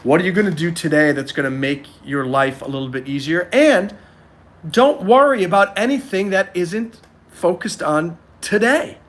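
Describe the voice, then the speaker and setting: Man in his forties, somewhat high voice, earnest motivational livestream, clears throat often. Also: moderate pace. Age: 40s. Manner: earnest, reads and answers chat. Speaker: livestream host.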